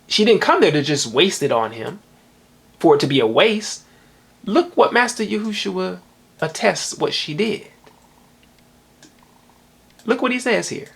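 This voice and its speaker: Husky-voiced male Bible teacher, emphatic, reads scripture slowly and keeps checking in with his audience. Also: sits high, lively intonation, fairly bright tone. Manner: emphatic, repeatedly asks "do you see this"; reads verses slowly and deliberately.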